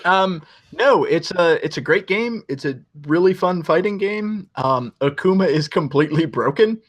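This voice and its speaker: A man's voice: high-pitched, animated, moderate pace. A young man co-hosting a podcast, chatting casually and enthusiastically, with some swearing and rambling. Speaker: podcast co-host. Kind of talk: casual chat.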